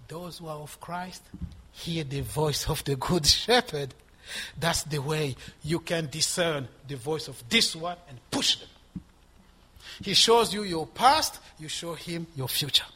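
Older male preacher, sixties, husky, slightly high voice, emphatic and repetitive. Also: expressive, unhurried, a bit bright. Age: 60s. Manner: emphatic, rising and dropping in volume, repeating for stress. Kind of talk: sermon.

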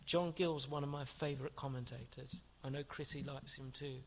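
A man's voice: mid-range voice, steady tone, moderate pace, slight background noise. A man preaching a sermon to his congregation, asking earnest rhetorical questions and reading aloud from a commentary.

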